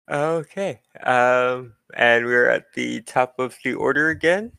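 A man's voice: mid-range voice, takes it slowly, creaky, sharp tone, clear, resonant tone, dry recording. A man running a tabletop game over an online voice call, laid-back with laughing asides. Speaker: game master.

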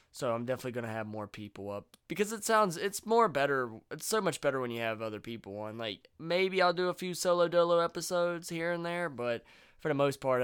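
Laid-back podcast host, smooth and clear, casual and profane. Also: male voice, medium pitch, a bit bright. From Virginia, US. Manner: laid-back, swears freely, drawls "y'all". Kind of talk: casual chat.

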